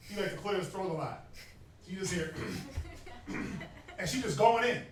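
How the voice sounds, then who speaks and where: A young man street teaching to a group, animated and joking, often mimicking people. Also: sits high, unhurried, noisy background. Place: outdoors in a city. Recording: very echoey, distant from mic.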